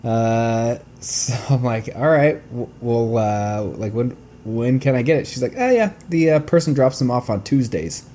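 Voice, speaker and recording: A man co-hosting a casual podcast, telling a story with animated swearing and acting out both sides of the conversation. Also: mid-range voice, measured pace, few pauses, a little hiss or hum. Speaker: podcast co-host. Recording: new, not set up home room.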